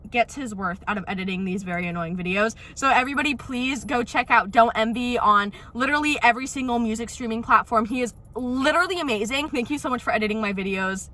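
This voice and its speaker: Bright-voiced young woman ranting on a phone vlog. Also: fairly high pitch, fast talker, hardly any pauses. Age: young adult. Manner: animated, chatty storytelling with frequent "literally" and "like". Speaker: vlogger.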